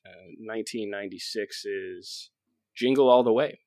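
A young man hosting a casual movie podcast, wry and self-mocking, halting with fillers as he introduces the film. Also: lowish voice, dark tone, no echo. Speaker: podcast host.

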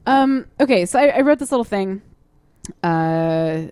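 Animated young woman podcast host. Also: mid-range voice, unhurried, clear, resonant tone, no echo. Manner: animated storyteller, acts out voices in anecdotes. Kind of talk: casual chat.

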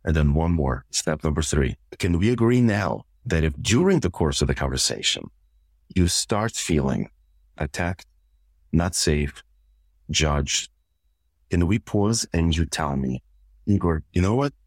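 A man, a couples therapist, calmly explaining communication steps in a podcast interview and acting out example exchanges. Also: rumbling low, unhurried, dry recording. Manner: calm, methodical, walks through numbered steps and acts out example exchanges.

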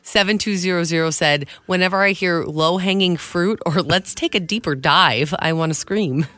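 A woman's voice: fairly low pitch, a bit bright, no echo. A woman co-hosting a morning radio show, reading listener texts aloud and chatting casually with her co-host. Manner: reads listener texts aloud, quick agreeing replies.

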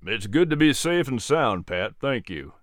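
An actor playing an earnest colonial militia colonel who speaks in a measured, sober way. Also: male voice, medium pitch, big pitch swings, no room sound, clean studio sound.

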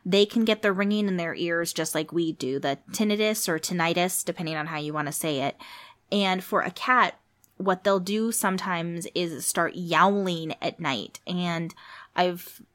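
Talking at a measured pace in a fairly bright, low-leaning voice, a cat hospital employee runs a relaxed podcast monologue answering pet questions. Her style is conversational and explanatory, full of fillers and little asides.

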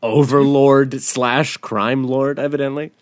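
A man's voice: mid-range voice, fairly even intonation, measured pace, dry recording. A man co-hosting a casual chat, teasing and profane, laughing easily. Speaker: podcast co-host.

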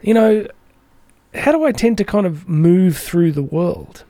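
A man's voice: sits high, lively intonation, measured pace, mellow, no room sound, clean studio sound. A man hosting a motivational podcast, talking energetically and chattily and acting out the voices he quotes. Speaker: podcast host.

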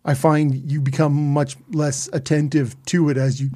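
A man's voice: on the high side, flat delivery, moderate pace, dark tone, no room sound, studio quality. A man co-hosting a casual beer podcast, wry and joking, poking fun at himself. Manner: wry, joking, self-deprecating. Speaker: podcast co-host. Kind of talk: casual beer-tasting chat.

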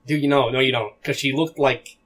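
A man's voice: medium pitch, steady tone, a little fast, fairly bright tone. A young man co-hosting a podcast, telling crude stories in casual chat and mimicking the people in them. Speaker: podcast co-host.

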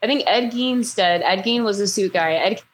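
A woman's voice: mid-range voice, moderate pace. A woman guesting on a podcast, talking in a personable, chatty way. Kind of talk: casual podcast chat.

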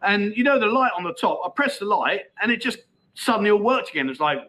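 A man's voice: high-pitched, sing-song, quick pace, pushed and bright, rough recording. A middle-aged man hosting a casual livestream, chatting and reading out viewer comments in a matey, laughing way. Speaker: livestream host. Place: Pattaya, outdoors.

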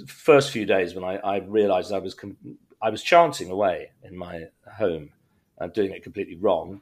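Middle-aged male guest, low husky voice, chatty storyteller with dry humour who restarts his sentences often. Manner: rambling, self-interrupting, frequent restarts and wry humour. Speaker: podcast guest, writer. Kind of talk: casual conversational storytelling.

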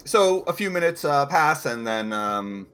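A man narrating as game master in a relaxed, filler-heavy manner. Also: a little high, unhurried, clean tone.

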